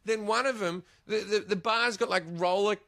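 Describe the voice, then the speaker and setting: A man's voice: high-pitched, steady tone, moderate pace, a bit bright, dry recording, clean studio sound. A man in his forties with an Australian accent, a comedian telling a crude, sweary story in a casual podcast chat. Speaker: comedian guest.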